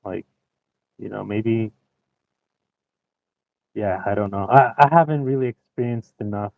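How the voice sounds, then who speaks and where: A man, a podcast guest, chatting in a relaxed, agreeable way over a remote call. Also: fairly low pitch, a little slow, creaky, no echo. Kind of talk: casual chat. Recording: dry tinny phone-like call line.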